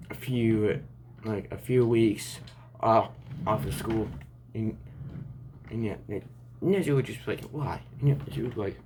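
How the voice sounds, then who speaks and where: Rambling low-voiced man telling a story. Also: darkish tone, a little hiss or hum. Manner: rambling, restarting often with "and yeah". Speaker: fan fiction storyteller. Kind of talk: improvised story narration.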